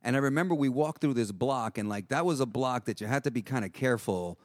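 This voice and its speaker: A man's voice: medium pitch, quick pace, no echo, studio quality. A middle-aged man, telling a rambling street story in casual chat and swearing freely. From Jackson Heights, New York. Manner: profane, rambling, acts out voices.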